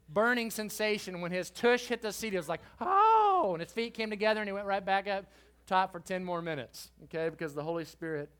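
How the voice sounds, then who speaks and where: Brief: middle-aged man, youth preacher, higher voice, animated storytelling with loud bursts. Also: clear, resonant tone. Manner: lively, swings from quiet to loud. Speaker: guest preacher. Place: church youth service.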